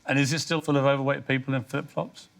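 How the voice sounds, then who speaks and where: A man's voice: medium pitch, little pitch movement, fast, creaky. A man hosting a TV interview, putting pointed, probing questions to his guest in a studio. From England. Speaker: interviewer host. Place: television studio.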